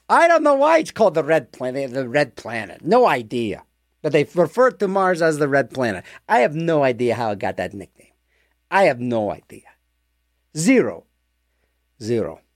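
A man's voice: a little high, no room sound, studio quality. Rambling jokey radio DJ man. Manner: rambling, jokey, talks to himself. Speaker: radio host. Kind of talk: casual radio DJ patter.

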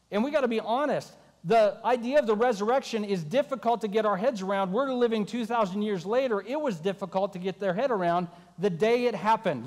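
A man's voice: high-pitched, darkish tone, in a large hall. A man preaching a sermon as a pastor, telling the story with wry asides.

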